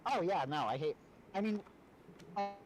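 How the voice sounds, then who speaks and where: A man co-hosting a casual livestream chat, chatty and quick to laugh as he tells stories. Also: sits high, expressive, slight background noise, rough recording. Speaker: livestream co-host.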